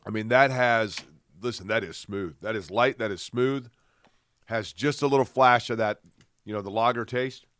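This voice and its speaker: A man co-hosts a sports podcast, chatting casually in an easygoing, playfully fussy way. His medium-pitched voice is fairly bright and moderately paced, recorded with clean studio sound and no room sound.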